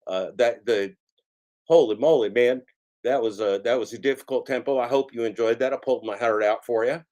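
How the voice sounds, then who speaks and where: A man hosting a comic karaoke livestream, rambling and halting, who talks about himself in the third person with mock-grandiose showman patter. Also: medium pitch, fairly even intonation, darkish tone. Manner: rambling, halting, restarts mid-phrase. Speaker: karaoke stream host.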